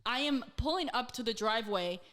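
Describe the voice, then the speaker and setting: A woman's voice: a little high, brisk. A woman co-hosting a casual talk show, telling a story animatedly, full of "like" and swearing, acting out quotes in her own voice. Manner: animated, heavy use of "like", swears freely. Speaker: co-host.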